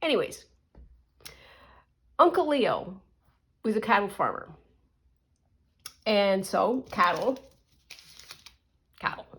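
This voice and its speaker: A middle-aged woman from Canada talks casually and at length, drifting into side stories and restarting her sentences. Her pitch sits at an ordinary middle height for a woman. She sounds relaxed and conversational, as if she is talking to viewers while working on her journal. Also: takes it slowly, pauses often, husky. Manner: rambling, chatty, with asides and restarts. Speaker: crafting vlogger. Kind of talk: casual storytelling while crafting.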